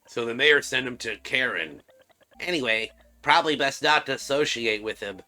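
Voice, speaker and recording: A man's voice: medium pitch, lively intonation, moderate pace, sharp tone. A man reading a gossiping schoolkid. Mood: gossipy.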